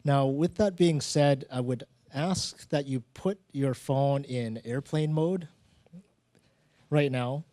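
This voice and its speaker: A man hosting a live storytelling event on stage, talking in a relaxed, conversational way and acting out little exchanges from his own stories. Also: mid-range voice, takes it slowly, no room sound. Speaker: host of a live storytelling show.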